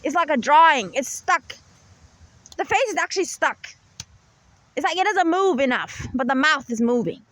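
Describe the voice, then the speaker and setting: A woman hosts her own channel in a high-pitched, slightly bright voice with lively intonation, a moderate pace, and frequent pauses. Her monologue rambles and insists, taking a lecturing tone as she keeps checking in with the listener through repeated "right?" and "okay?"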